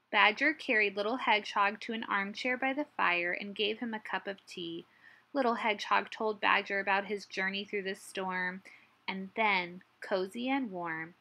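A woman teacher reading a picture book aloud with gentle, expressive storytelling. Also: medium pitch, normal speed, creaky.

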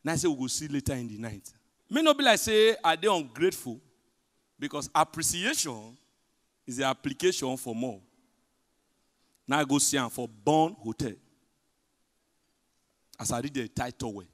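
A man with a Nigerian accent performing a stand-up comedy set in pidgin, telling stories with big swings between loud punchlines and hushed asides. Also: a little high, lively intonation, normal speed, long pauses. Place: large hotel event hall. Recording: live hall reverb.

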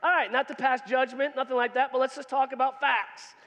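A man's voice: extremely high pitch, little pitch movement, brisk, a bit bright, highs cut off. A man preaching a sermon to his congregation in a casual, joking way, quizzing them and reading scripture. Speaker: pastor. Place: church hall. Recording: long reverb in a church hall.

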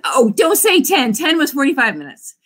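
A woman's voice: sits high, sing-song, normal speed, fairly bright tone. A woman in her forties, an author hosting a writing sprint livestream in a casual, bubbly way, often cheering her viewers on with whoops. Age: 40s.

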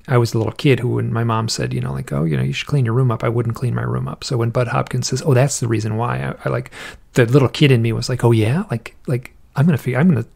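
A man with a gravelly, creaky voice talks loosely as an interview guest. He wanders through anecdotes, stops and restarts his sentences, and puts on little voices for the people he quotes. His pitch sits in an ordinary middle range. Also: fast, darkish tone. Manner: rambling, restarts often, acts out quoted voices. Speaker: podcast guest, author on owls and UFOs. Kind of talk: casual interview storytelling.

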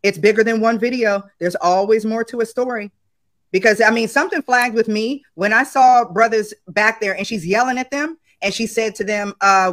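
A woman on a video call in a casual panel discussion, talking in an animated way and acting out other people's tones. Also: on the high side, normal speed, dry recording.

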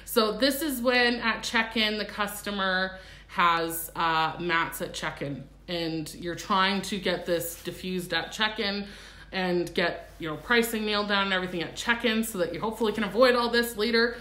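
A woman, a pet groomer, hosting a live stream in a brisk, matter-of-fact way. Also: mid-range voice, bright, forceful tone. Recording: roomy echo.

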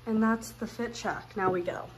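A woman's voice: a little high, fairly even intonation, normal speed, slight background noise, poor audio. A young woman talking casually to camera for her vlog, rambling with lots of fillers and laughing often. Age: young adult. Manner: rambling, filler-heavy, giggly. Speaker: vlogger.

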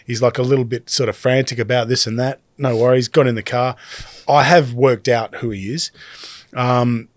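A middle-aged Australian man, a guest DJ, telling a story in a casual and animated way, swearing freely. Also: mid-range voice, no echo, clean studio sound.

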